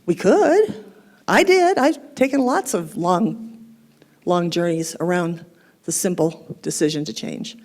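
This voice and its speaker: A middle-aged woman preaching a conversational sermon at a spiritual center, animated and laughing at herself. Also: on the low side, slow pace. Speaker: guest speaker at a spiritual center.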